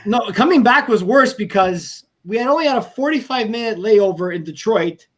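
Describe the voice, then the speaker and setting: A man with a high voice hosts a casual podcast. He rambles through stories, swears freely and laughs easily. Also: animated, moderate pace, fairly bright tone. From Canada. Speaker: podcast host.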